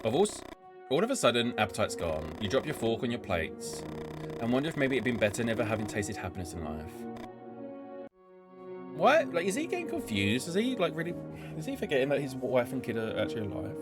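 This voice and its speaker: This streamer, a fast-talking man with a mid-range, very animated voice, reads a story game's text aloud in an even tone. Between passages he chats and swears about what's happening, with game music running behind him.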